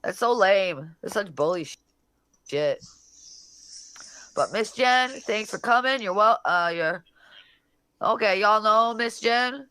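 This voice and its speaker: A woman's voice: medium pitch, lively intonation, slow pace, long pauses, bright, forceful tone, smooth, dry recording. Brash, profane woman livestreamer. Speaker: livestream host. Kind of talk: casual livestream chat reading comments.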